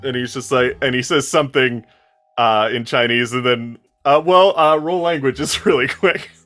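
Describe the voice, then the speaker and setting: Young male game master, bright tone, rambling filler-heavy narration. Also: medium pitch, moderate pace, soft background music.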